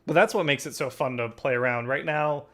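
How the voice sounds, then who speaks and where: A young man hosting a relaxed conversation about a trading card game. His pitch sits in the middle range, and he speaks agreeably, with plenty of fillers and quick nods of assent. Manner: agreeable, uses many fillers and backchannels. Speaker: host.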